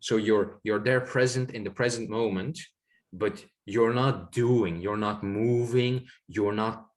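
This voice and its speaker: A man's voice: lowish voice, slow pace. A man in casual conversation recounting a spiritual experience, reflective and rambling, full of fillers and repeated words. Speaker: guest sharing spiritual experiences.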